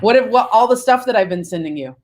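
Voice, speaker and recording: A woman from Florida co-hosting a casual vlog chat, relaxed and a little hesitant as she talks. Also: fairly high pitch, fast talker, background noise. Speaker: vlog co-host.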